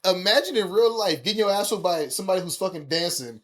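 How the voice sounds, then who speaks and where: A man co-hosting a podcast in casual chat, animated and profane, retelling scenes with quoted lines. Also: high-pitched, fast. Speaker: podcast co-host.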